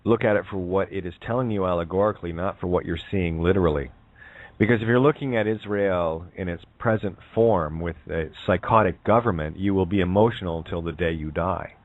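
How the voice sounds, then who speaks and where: A man's voice: sits low, brisk, dry recording. A man giving a casual spiritual talk on a call-in show, rambling with many fillers and checking in with "right?". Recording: tinny phone line, dry.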